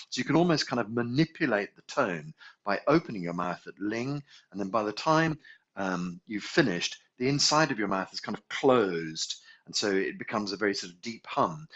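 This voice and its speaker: A man teaching a qigong healing class, gently guiding breaths and sounding out long vocal tones and hums. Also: on the low side, slightly rough, lo-fi sound. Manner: gentle, unhurried guidance with sung tones and hums. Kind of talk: guided healing class instruction.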